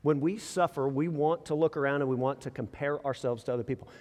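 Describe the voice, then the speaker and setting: A man preaching a sermon in a casual, conversational way, full of rhetorical questions and quick restarts. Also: medium pitch, a little mellow. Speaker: pastor. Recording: long reverb in a large hall.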